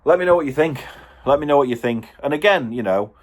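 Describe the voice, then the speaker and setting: A man rants to his vlog audience, exasperated and animated. His voice is husky with a slightly rough edge. His pitch swings widely as he tells the story. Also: quick pace. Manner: exasperated, animated, acts out quotes. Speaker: home car dealer vlogger. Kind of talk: ranting storytelling to camera.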